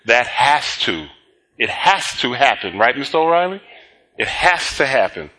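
A man's voice: medium pitch, big pitch swings, measured pace, sharp tone. A middle-aged male pastor preaching a sermon, telling stories with laughter and acting out both sides of conversations. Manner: storytelling with laughs and acted-out dialogue.

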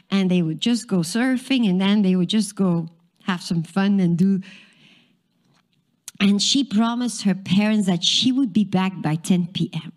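A woman's voice: mid-range voice, a little mellow. A woman telling a dramatic story to an audience, drawing listeners in with questions.

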